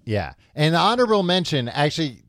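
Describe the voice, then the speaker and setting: Teasing, animated podcast guy. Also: on the high side, a little fast, dry recording, clean studio sound. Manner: sarcastic, teasing, reads list aloud. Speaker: podcast co-host. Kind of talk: casual comedic chat.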